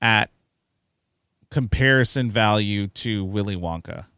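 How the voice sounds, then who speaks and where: A man co-hosting a film review podcast, talking in a chatty, animated way with plenty of fillers. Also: lowish voice, slow pace, clear, resonant tone, no room sound, studio quality. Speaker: podcast co-host. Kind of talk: casual film review chat.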